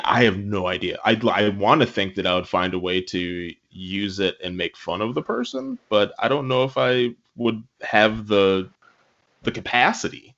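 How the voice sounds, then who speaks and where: A man's voice: lowish voice, fairly bright tone, highs cut off. A man in a casual podcast chat, thoughtful and a bit rambling.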